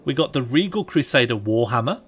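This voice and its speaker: A man livestreaming a strategy game and chatting casually with a co-host, relaxed and jokey while he thinks aloud. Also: medium pitch, a little fast, slightly rough. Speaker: streamer playing a strategy game. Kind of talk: casual live-stream chat.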